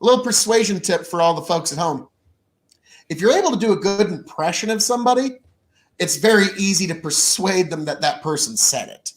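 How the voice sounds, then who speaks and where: A man co-hosting a casual podcast, talking in an animated, jokey way in quick bursts. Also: high voice. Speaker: podcast co-host.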